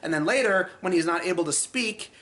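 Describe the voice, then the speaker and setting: A man's voice: high-pitched, expressive, fairly quick, fairly bright tone. A man hosting a casual film review, chatty and exasperated, acting out scenes as he goes.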